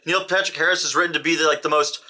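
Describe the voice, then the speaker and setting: A young man co-hosting a film review, talking casually and animatedly, ranting and slipping into quick impressions. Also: a little high, fairly even intonation, bright, forceful tone. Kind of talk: casual chat.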